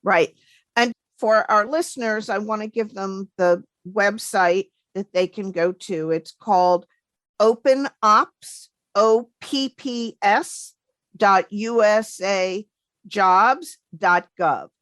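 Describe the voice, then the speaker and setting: A woman co-hosting a career podcast, explaining things in a measured, deliberate way. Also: mid-range voice, a bit bright, no echo. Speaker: podcast co-host, federal careers advisor. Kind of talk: casual chat.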